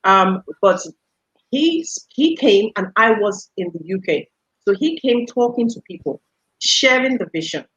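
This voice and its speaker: A middle-aged woman from the UK speaks as an interview guest with an animated, storytelling manner. Her voice sits in a mid range, and she talks in a relaxed, conversational way. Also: mid-range voice, measured pace, dull audio. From United Kingdom. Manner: animated storyteller, laughs often, acts out quoted voices. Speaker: guest, radio station executive. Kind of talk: casual interview chat.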